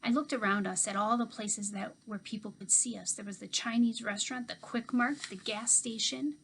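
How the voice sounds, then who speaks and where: A woman teacher reading a children's novel aloud in expressive first-person storytelling. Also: a little high, normal speed, slight background noise.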